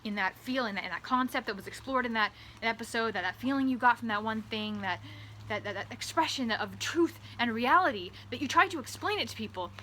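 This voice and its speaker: Woman vlogger, kinda high and really bright voice, rambly comedy monologue, keeps repeating herself, goes loud then quiet. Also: brisk, slight background noise. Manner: rambling, stumbles and repeats words; animated, swings between loud and hushed. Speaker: author vlogger.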